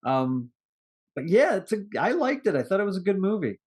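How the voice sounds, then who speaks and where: A man's voice: high voice, very animated, brisk, a little mellow, breathy edge. Rambling man co-hosting a movie podcast. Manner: rambling, restarts, laughs at own jokes. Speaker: podcast co-host. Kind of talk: casual movie review chat.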